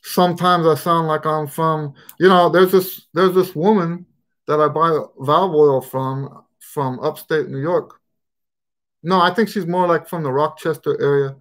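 A man's voice: fairly high pitch, fairly even intonation, measured pace, a bit bright. Chatty American man with a mixed accent. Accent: mixed American, Texan and Western Pennsylvania touches. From United States. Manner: rambling, conversational, many fillers and asides. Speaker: trumpet teacher hosting a live Q&A. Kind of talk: casual live-stream chat.

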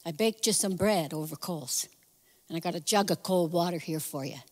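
Woman doing a calm gentle god voice, low and soft, echoey church. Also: moderate pace, natural voice. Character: gentle divine voice, calm and caring.

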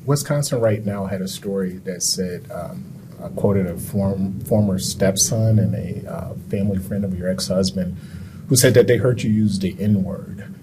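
A man's voice: low-pitched, normal speed, noisy background. A man on an editorial board asking follow-up questions hesitantly, with stammered starts. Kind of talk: interview questioning.

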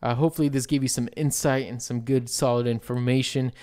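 A man's voice: mid-range voice, fairly quick. A man co-hosting a podcast, chatting casually with lots of fillers and easy laughs. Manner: relaxed, laughing, filler-heavy. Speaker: podcast co-host.

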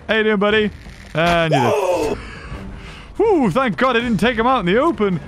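An excitable man giving let's-play commentary, full of sarcastic asides and sudden exclamations. His voice is high for a man, and his pitch swings widely. Game music plays faintly behind him. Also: normal speed. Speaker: gaming YouTuber.

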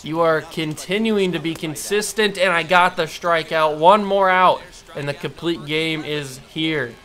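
Bright-voiced man narrating his own gameplay. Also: a little high, a little slow. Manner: talks to himself, prone to frustrated outbursts. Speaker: gamer. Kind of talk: casual gameplay commentary.

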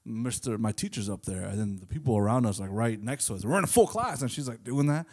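A man's voice: mid-range voice, expressive, fast, a little mellow, husky. Rambling man telling crude stories. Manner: loose, rambling, swearing, laughs often. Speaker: podcast co-host. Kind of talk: casual comedic storytelling.

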